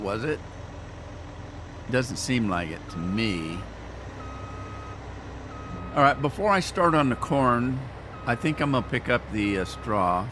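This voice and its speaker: Background noise accompanies a man with a mid-range voice who hosts a gaming channel. While playing, he chats casually and rambles folksily in typical let's-play style.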